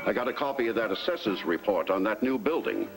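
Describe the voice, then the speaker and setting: An actor playing a crusty older family patriarch in a daytime soap, talking in a gruff, suspicious, sly way. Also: male voice, on the low side, lively intonation, fast talker, music in the background, close to an everyday voice, rough recording.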